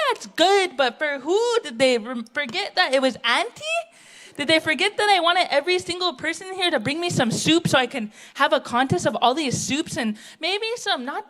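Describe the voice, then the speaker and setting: A woman's voice: high voice, a bit bright. A woman playing a brash, grumbling auntie. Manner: rambling, indignant, quick to laugh at herself. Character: brash, grumpy, chain-smoking middle-aged auntie. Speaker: stage comedian in character. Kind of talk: live character comedy monologue. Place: theatre stage before a live audience.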